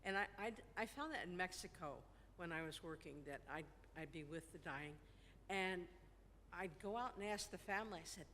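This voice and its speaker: A woman in a grief group telling a personal story, halting and searching for her words. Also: on the low side, a bit bright, slight background noise. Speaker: group participant. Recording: reverberant hall with faint ambience.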